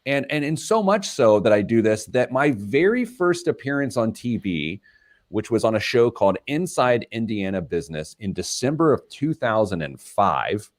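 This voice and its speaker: On his radio talk show, a financial planner with a voice on the low side tells self-deprecating stories about himself at normal speed, very animated and laughing at himself throughout.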